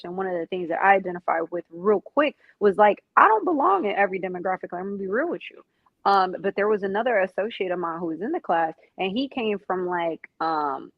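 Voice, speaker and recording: A woman's voice: medium pitch, dry recording, dull audio. A woman hosting a casual conversation, emphatic and agreeable, speaking in a slangy way. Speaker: podcast host.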